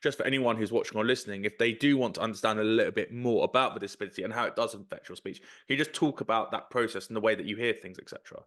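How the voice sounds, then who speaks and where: Male podcast host, rapid talker, long rambling questions. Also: lowish voice, a bit bright. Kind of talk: interview questions.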